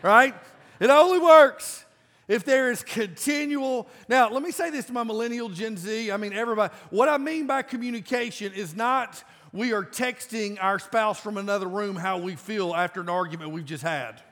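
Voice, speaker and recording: A man in his forties preaching a sermon to a congregation in a casual, emphatic way that breaks into loud bursts. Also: high-pitched, brisk, hardly any pauses. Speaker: pastor. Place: large church auditorium. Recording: live church sound with long reverb.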